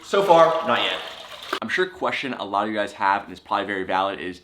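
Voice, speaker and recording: A man's voice: lowish voice, lively intonation, fast talker, bright, forceful tone, reverberant, a little hiss or hum. A young man talking casually to camera as a vlogger, chatty and swearing as he gets into cold water. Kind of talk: casual vlog talk to camera.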